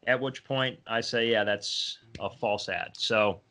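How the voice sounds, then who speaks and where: A man with a bright, forward voice chats casually on a podcast about his rentals. His speech wanders a bit, with small restarts as he builds his point. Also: fairly low pitch, slow pace. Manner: conversational, rambles a little with restarts. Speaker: podcast co-host, landlord.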